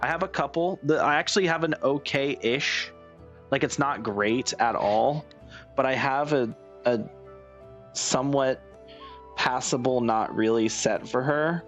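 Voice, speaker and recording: A man's voice: mid-range voice, measured pace, a bit bright. A young man streaming a video game, chatting casually, rambling and breaking into giggles. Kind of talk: casual gameplay chat. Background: game music.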